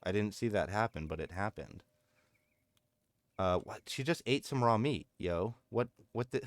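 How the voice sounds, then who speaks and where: Low-pitched streamer in his thirties, loose and chatty, with a dry, close sound. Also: a little slow, pauses often, no echo. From United States. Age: 30s. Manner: rambling, chatty, laughs often. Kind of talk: casual gameplay commentary.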